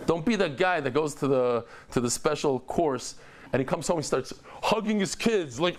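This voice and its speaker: A middle-aged man teaching a daily Talmud class, animated, telling stories with lively joking asides. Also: a little high, normal speed.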